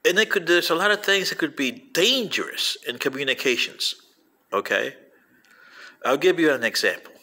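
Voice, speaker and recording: Animated man. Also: normal speed. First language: Spanish. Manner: animated, pitch jumping on emphasis; addresses listeners directly with asides. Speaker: speaker addressing an audience. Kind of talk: storytelling talk.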